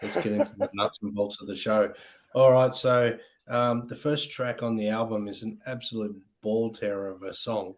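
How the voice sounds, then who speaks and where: Low-voiced man hosting a rock chat. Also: steady tone, moderate pace. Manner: enthusiastic, rambling with many ums. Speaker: podcast host. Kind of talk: casual chat.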